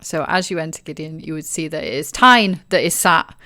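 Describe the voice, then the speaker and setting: A woman narrates a tabletop game as game master, chatty and casual, full of filler words. Her voice sits low for a woman. The sound is dry and close. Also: fairly quick, sharp tone, no echo.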